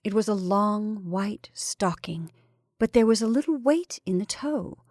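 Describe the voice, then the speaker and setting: A woman's voice: medium pitch, animated, a little slow, a little mellow, no echo. Woman reading a story aloud, dry.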